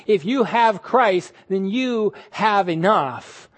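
Male pastor, high-pitched, emphatic sermon delivery with drawn-out words. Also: lively intonation. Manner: emphatic, drawn-out words, sudden drops to quiet.

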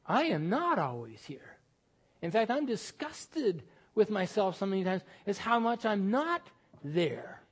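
High-voiced pastor preaching conversationally. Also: male voice, sing-song, moderate pace, slightly rough. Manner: conversational, self-deprecating storytelling with sudden rises in pitch for emphasis. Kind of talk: sermon.

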